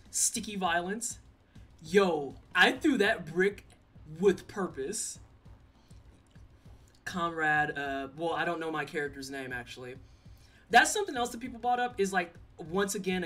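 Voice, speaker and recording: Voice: medium pitch, fairly bright tone, recorded from a distance. A young streamer in a casual live-stream, joking and teasing chat as they play. The voice sits a bit back from the mic, with faint game music running behind it. Loose, chatty and easygoing throughout. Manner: playful, chatty, teases chat.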